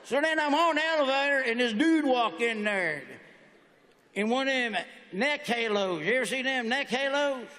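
High bright southern man doing stand-up. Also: moderate pace. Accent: Southern American. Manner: drawling storyteller, acts out characters. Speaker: stand-up comedian. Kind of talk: stand-up routine. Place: large auditorium on stage. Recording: live hall reverb, faint ambience.

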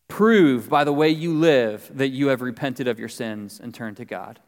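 A man giving a conversational sermon as pastor, telling stories with lively emphasis. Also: medium pitch, unhurried, hardly any pauses. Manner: conversational preaching, animated storytelling. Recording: long reverb of a large hall.

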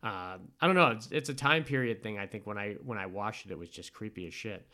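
A man casually recapping a horror film in a rambling, animated way, full of fillers and restarts. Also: lowish voice, brisk. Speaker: podcast co-host recapping a film. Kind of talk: casual chat.

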